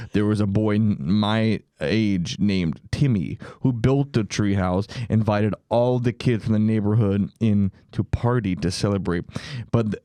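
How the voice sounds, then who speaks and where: Guy reading creepy stories for laughs on a podcast, lowish voice, hams it up, dry close sound. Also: mellow, dry recording. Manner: reads aloud with mock-dramatic voices and laughter. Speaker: podcast co-host. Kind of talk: comedic reading of scary stories.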